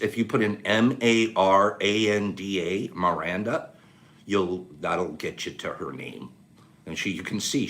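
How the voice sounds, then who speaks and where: A man's voice: low-pitched, fairly bright tone. A man hosting a casual livestream, chatting and greeting viewers by name. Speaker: livestream host.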